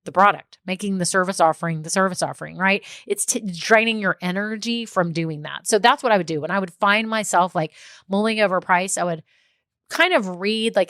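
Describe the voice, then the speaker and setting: A woman's voice: fairly low pitch, a bit bright, no echo, clean studio sound. A woman hosting a solo podcast as a small business coach, talking in a chatty, upbeat way and laughing often.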